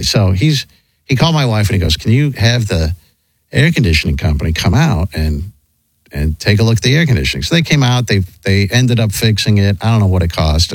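A middle-aged man rambles through a story with many restarts, acting out the other people in it. His pitch swings up and down a lot. The sound is dry and close, with no room around him. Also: no room sound. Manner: rambling, animated, lots of restarts and acted quotes. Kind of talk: casual storytelling chat.

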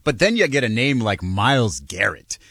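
A man's voice: medium pitch, normal speed, no room sound. A male co-host on a sports talk show whose voice swings widely as he makes his case. He leans on rhetorical questions, and the sound is dry and close. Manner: animated, builds arguments with rhetorical "right?".

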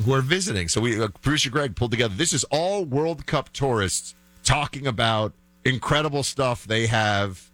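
A man's voice: mid-range voice, fairly bright tone, no echo. A man hosting a talk show, giving chatty, opinionated commentary full of fillers and restarts.

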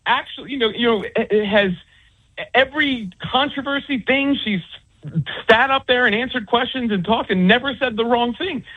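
A man's voice: very high voice, moderate pace, husky. A man who writes about sports, speaking as a guest on a call-in interview, rambling with many restarts and fillers. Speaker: author and sports commentator. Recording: tinny phone line.

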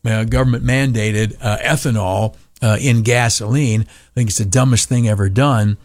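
A man's voice: lowish voice, fairly even intonation, normal speed, no echo, clean studio sound. A man from the United States hosting radio talk, complaining in a cranky, sarcastic rant with plenty of fillers. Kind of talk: ranting monologue.

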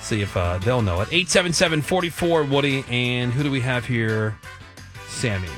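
A male radio host running a call-in show with brisk, upbeat banter. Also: medium pitch, expressive, music in the background.

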